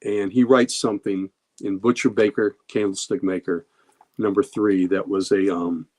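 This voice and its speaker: A man hosting a podcast, talking candidly and emotionally in casual comic-book commentary, with halting pauses. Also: lowish voice, steady tone, a little mellow. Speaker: podcast host.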